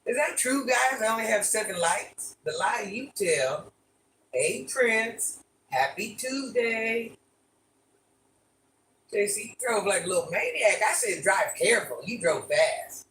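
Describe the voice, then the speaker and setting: A woman's voice: mid-range voice, animated, unhurried, a bit bright, slight background noise. An older woman hosting a casual live stream, chatting with viewers and repeating requests to like and subscribe. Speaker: livestream host. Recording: echoey room, voice from far off.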